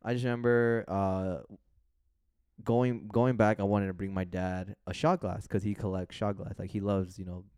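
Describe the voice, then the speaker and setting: Male podcast co-host, low and smooth, dry close sound, casual animated storyteller. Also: normal speed, no echo. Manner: animated storytelling, acts out quoted voices; swears casually. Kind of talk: casual chat.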